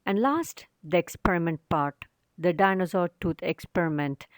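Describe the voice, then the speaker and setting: A woman's voice: fairly low pitch, normal speed, no room sound, clean studio sound. A woman teacher giving a recorded science lesson to children, explaining step by step and asking rhetorical questions.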